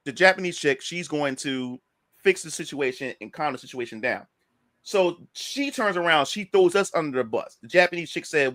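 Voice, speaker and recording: A man's voice: high-pitched, moderate pace, dry recording. Guy telling a heated story, swears constantly, acts out the quotes, dry close sound. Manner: animated, profane retelling of a confrontation, acting out quotes. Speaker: podcast guest. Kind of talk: casual storytelling.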